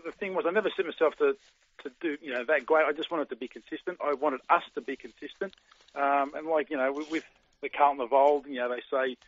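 Rambling Australian man on a phone line. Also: mid-range voice. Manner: rambling, lots of fillers and restarts. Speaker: guest, former footballer. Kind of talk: casual interview. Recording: dry tinny phone line.

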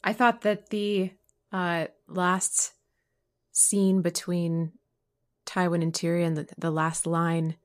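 A woman co-hosting a casual podcast discussion, talking in an emotional, expressive way. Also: on the low side, takes it slowly. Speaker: podcast co-host. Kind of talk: casual chat.

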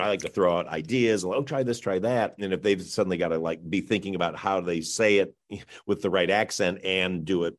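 A middle-aged man with a fairly low voice talks through an interview as the director guest. He is chatty and loose, restarts his sentences, and laughs often. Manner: chatty, self-interrupting with frequent laughs and "you know". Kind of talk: casual interview answers.

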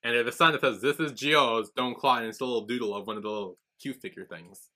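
A man's voice: medium pitch, fast talker, pushed and bright. A man co-hosting a podcast, chatting casually as he retells a drama's scenes and acts out the characters' lines. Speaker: podcast co-host. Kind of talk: casual recap chat.

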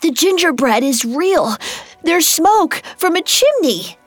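Woman playing an eager young boy, high voice, lively swings, excited, faint music behind. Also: a little slow, gravelly, dry recording, heavily acted. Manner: excited exclaiming.

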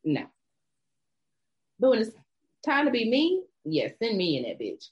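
A woman's voice: on the high side, huge pitch swings, unhurried, husky. A middle-aged woman co-hosting a casual chat, blunt, brash and profane. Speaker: podcast co-host. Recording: dull lo-fi sound.

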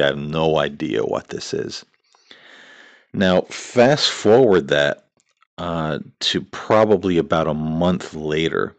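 A man's voice: a bass voice, animated, unhurried, vocal fry, no echo. A middle-aged man hosting a podcast, telling a personal ghost story in a rambling way with many fillers and restarts. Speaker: podcast host.

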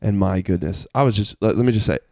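A man from the United States in a casual chat, laid-back and joking as he tells a drawn-out story. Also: fairly low pitch, dark tone, no room sound. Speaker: podcast co-host.

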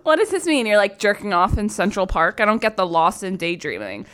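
A brash young woman co-hosts a crude comedy podcast and cackles through her jokes. Her pitch swings up and down a lot, and she delivers everything bluntly. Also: sing-song, fairly quick, a bit bright, smooth. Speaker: podcast co-host. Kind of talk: crude comedic casual chat.

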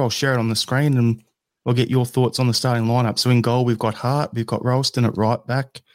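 A man's voice: mid-range voice, no echo, clean studio sound. A man from Australia hosting a football podcast, chatting casually with many fillers over an online call. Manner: relaxed, halting with fillers. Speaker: podcast host.

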